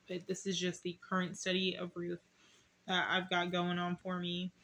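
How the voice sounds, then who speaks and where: Chatty young woman with a hoarse voice. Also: fairly low pitch, fairly bright tone, slight background noise. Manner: chatty, rambling, reads verses aloud. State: slightly hoarse. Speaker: YouTuber doing Bible study. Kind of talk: casual Bible study vlog. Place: at home.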